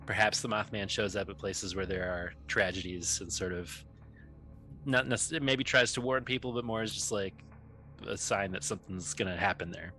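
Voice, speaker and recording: A man's voice: fairly low pitch, normal speed, bright, forceful tone, soft background music. A man co-hosting a casual podcast, reading trivia questions aloud and joking with his co-host. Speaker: podcast co-host, quiz master.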